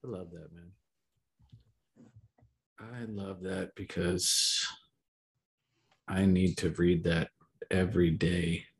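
A man's voice: low-pitched, steady tone, takes it slowly, pauses often. A man co-hosting a podcast, talking enthusiastically and rambling, with frequent laughs. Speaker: podcast co-host. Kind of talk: casual spiritual chat.

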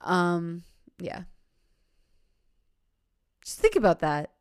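Low, smooth-voiced woman chatting loosely. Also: sing-song, extremely slow, darkish tone, dry recording, clean studio sound. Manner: rambling, with many fillers and laughs. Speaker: podcast host. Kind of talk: casual podcast chat.

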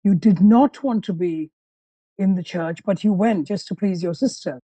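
A podcast host with a very mellow, dark-toned voice, asking probing questions and recapping the guest's story. The sound is dry and close. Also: mid-range voice, moderate pace, husky, no room sound, low-quality recording. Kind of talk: interview conversation.

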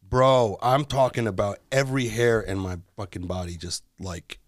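A man's voice: fairly low pitch, moderate pace, dry recording, clean studio sound. A man from Detroit, a comedian guest on a podcast, telling a long story in casual talk, swearing freely and voicing the people in it. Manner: animated storyteller, swears freely, voices the people in his stories.

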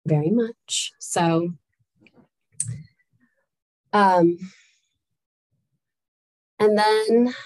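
A woman's voice: mid-range voice, darkish tone, no room sound, poor audio. A woman who leads a nonprofit, telling candid, heartfelt stories in a casual chat with frequent fillers. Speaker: nonprofit staff leader.

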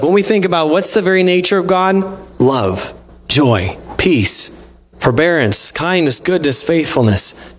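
A man with a fairly high voice gives a relaxed, conversational sermon. He acts out back-and-forth exchanges with God in his own voice, sprinkling in casual fillers as he goes. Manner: frequent fillers like "like" and "you know". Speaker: pastor.

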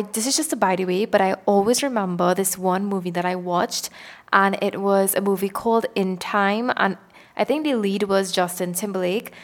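A young adult woman hosting a self-help podcast, talking casually and earnestly and laughing at herself now and then. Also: medium pitch. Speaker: podcast host.

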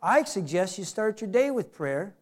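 A man's voice: high-pitched, big pitch swings, normal speed. A middle-aged man preaching a sermon as pastor, folksy and joking, acting out little scenes.

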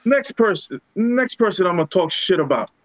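A man's voice: high voice, big pitch swings, brisk, a bit bright, dry recording. A man co-hosting a podcast, ranting in a heated, profane way. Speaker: podcast co-host. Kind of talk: casual podcast rant. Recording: dull, dry lo-fi sound.

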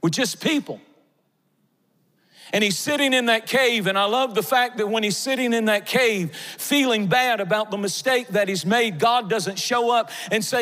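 A male pastor with a notably high voice preaches with fervor, his lines swelling into shouts. The sound rings out with the long reverb of a big church sanctuary. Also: moderate pace. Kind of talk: sermon. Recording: long reverb of a large hall.

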